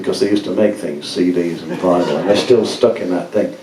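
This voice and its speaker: Speaking fairly quickly and with few pauses, a man with a low voice laughs through rambling anecdotes for people at a gallery book event, where he appears as a musician. The distant, echoey recording carries noisy background sound.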